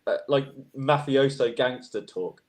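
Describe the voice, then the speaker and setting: A man with a mid-pitched voice co-hosts a relaxed podcast chat over beers. He talks haltingly and fills his pauses with fillers. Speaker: podcast co-host.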